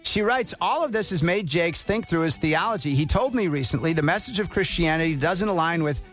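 A man's voice: a little high, lively intonation, brisk, a bit bright, soft background music. A man hosting a morning radio show, upbeat and chatty.

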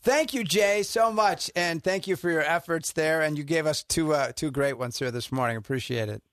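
Higher-voiced male radio host. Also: moderate pace, fairly bright tone, no echo. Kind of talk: casual interview.

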